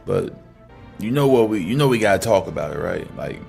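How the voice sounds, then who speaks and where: A man's voice: big pitch swings, brisk, creaky, darkish tone, faint music behind. A man conducting a joking mock interview, playful and incredulous with his guests. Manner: playful, incredulous, high-pitched when exasperated. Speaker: comedy interviewer.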